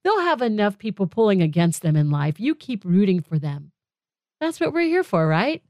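A woman's voice: mid-range voice, very animated, moderate pace, darkish tone, no room sound. Middle-aged woman, podcast host, heartfelt and emphatic, dry close sound. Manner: heartfelt, emphatic, repeats phrases for weight. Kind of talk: personal reflective monologue.

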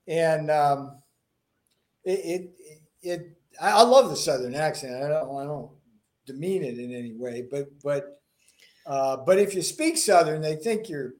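A man from Florida with a slight Boston accent, a guest telling animated stories with many restarts and repeated words. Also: fairly high pitch, unhurried. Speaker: political guest. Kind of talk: interview conversation.

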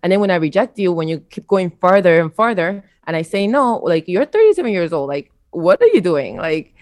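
A young woman telling a story in casual podcast chat, blunt and animated, swearing freely. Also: lowish voice, a little fast, dry recording. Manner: blunt, profane, animated retelling. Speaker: podcast co-host.

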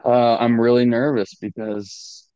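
A man's voice: mid-range voice, level tone, unhurried, mellow, clean tone, dry recording. A man who is a guest on a podcast, joking and rambling in casual banter about himself. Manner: joking, rambling, self-mocking. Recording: dull lo-fi podcast audio.

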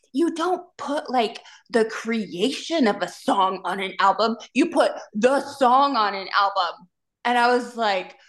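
A woman singer telling stories on a podcast. She speaks slowly, with a very lively pitch that swoops when she acts out quotes, and she giggles often. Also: rough recording. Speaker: singer guest. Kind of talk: casual storytelling chat.

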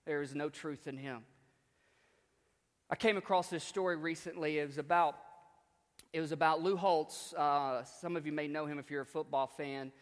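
A man preaches a storytelling sermon in a conversational, emphatic way, repeating his key lines. His voice is on the high side with fairly even intonation at normal speed, and a long hall reverb follows it.

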